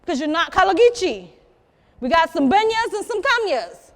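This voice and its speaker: A woman's voice: extremely high pitch, moderate pace, big-room sound. A woman, telling stories live and teasing the listeners as she talks to them. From South Carolina. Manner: lively, teasing, talks straight to the crowd. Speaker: storyteller. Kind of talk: live storytelling to an audience. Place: museum program room.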